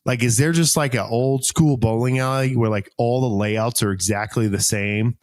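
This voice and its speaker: A middle-aged man from South Carolina, co-hosting a podcast and telling stories in lively casual chat, jumping into high voices when he quotes people. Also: moderate pace. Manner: animated, jumps into high-pitched voices when quoting people. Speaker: podcast co-host.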